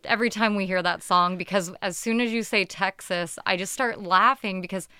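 A young woman in a relaxed conversational interview, her voice bright and very clean. She talks in a chatty, meandering way, laughing easily, and sounds close to the mic in a dry space with no room sound. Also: mid-range voice, moderate pace, clear, resonant tone, dry recording. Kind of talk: casual interview chat.

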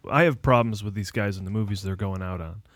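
A man hosting a casual podcast, rambling and halting through long questions. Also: lowish voice. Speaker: podcast host. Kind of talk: casual chat.

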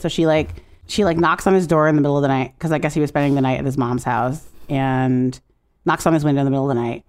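Low-voiced woman retelling a film scene. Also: fairly even intonation, brisk, clean tone. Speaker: podcast co-host. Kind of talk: casual podcast chat reviewing a film.

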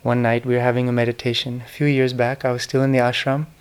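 Middle-aged man, earnest devotional lecturer, smooth clear voice. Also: mid-range voice, level tone, fast. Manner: earnest, devotional storytelling with soft, whispered quoted names. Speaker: speaker giving a talk on spiritual history. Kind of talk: reflective spoken lecture.

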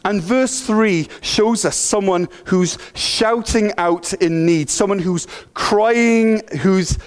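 A man preaching a sermon in an energetic, playful, conversational way. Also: high-pitched, slow pace, smooth. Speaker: pastor.

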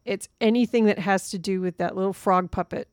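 A woman's voice: mid-range voice, fairly quick, no echo. Chatty woman with a dry sound. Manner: animated, laughs often, quotes scenes. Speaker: podcast co-host. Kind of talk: casual movie review chat.

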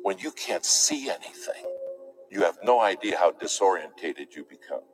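Deep-voiced preacher with dramatic hushes. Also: male voice, expressive, normal speed, over music, poor audio. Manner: dramatic, swings between loud emphasis and hushed near-whispers. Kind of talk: sermon telling a dramatic personal story. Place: church.

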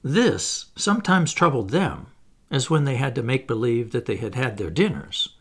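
A man reading a children's story aloud in a gentle, expressive narration. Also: medium pitch, moderate pace, breathy edge. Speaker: audiobook narrator.

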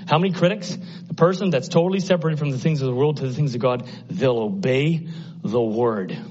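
A man preaching an impassioned sermon, often climbing into high exclamations. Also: a little mellow, husky, highs cut off.

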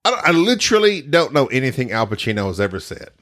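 A man's voice: mid-range voice, sing-song, fast, fairly bright tone. A man co-hosting a casual podcast, teasing his friend and laughing often. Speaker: podcast co-host. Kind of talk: casual chat.

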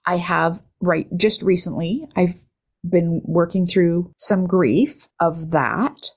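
A woman's voice: lowish voice, slow, darkish tone, slightly rough. A middle-aged woman hosting an interview, candid and reflective, open about her own parenting. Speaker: podcast host. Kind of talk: casual interview chat.

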